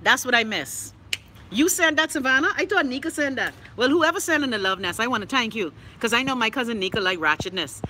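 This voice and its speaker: Bahamian woman, live-stream host, sassy and profane, bright tone, slightly scratchy throat. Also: on the high side, lively intonation, fairly quick. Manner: sassy, blunt, profane, chatty. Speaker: live-stream host reading viewer comments. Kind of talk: casual live-stream chat.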